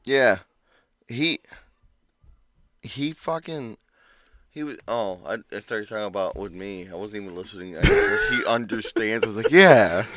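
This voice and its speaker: A man co-hosting a casual podcast, telling a workplace story with lots of swearing and acting out a coworker's yelling. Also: lowish voice, expressive, measured pace, long pauses. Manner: swears freely. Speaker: podcast co-host.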